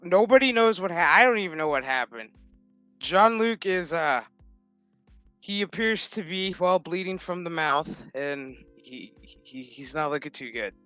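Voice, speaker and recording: A man's voice: sits high, sharp tone, no echo. A man streaming a casual episode recap, rambling and swearing freely, laughing often as he goes, with music playing behind him. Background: background music.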